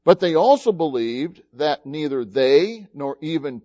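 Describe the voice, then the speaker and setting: A man's voice: a little high, expressive, measured pace, few pauses, mellow, highs cut off. A man preaching as a pastor, moving from reading to a chatty personal story told with fillers and restarts.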